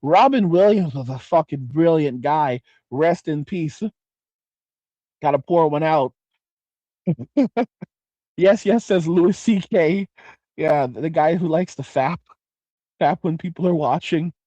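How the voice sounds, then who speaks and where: Swearing, excitable man on a livestream. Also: on the high side, takes it slowly, long pauses, no room sound. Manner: profane, excitable, trails off and restarts. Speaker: livestream host reading chat. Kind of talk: casual rambling livestream talk.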